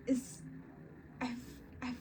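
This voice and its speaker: A woman hosting a casual music reaction video, speaking with emotion, often stopping and restarting her sentences. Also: background noise. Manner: emotional, halting, restarting mid-word.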